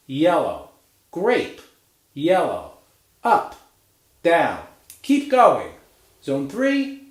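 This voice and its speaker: A man teaching a pronunciation lesson, drilling vowel sounds slowly and cheering the learners on to repeat after him. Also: a little high, a little mellow, roomy sound. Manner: slow, drawn-out drilling of vowel sounds with encouraging prompts.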